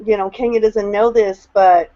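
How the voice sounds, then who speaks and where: A woman's voice: medium pitch, steady tone, normal speed, dark tone, muffled recording. A woman on a video call sharing her experience as a new team member in a rambling, emotional way, full of fillers and restarts. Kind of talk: casual testimonial on a video call.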